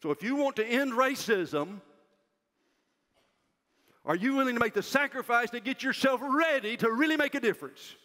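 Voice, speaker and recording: An older man giving a loud, emphatic chapel sermon to university students in a large hall. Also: very high-pitched, expressive, moderate pace, pauses often. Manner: loud, emphatic preaching that drops to a soft, self-mocking aside. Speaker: university president speaking at chapel. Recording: reverberant hall.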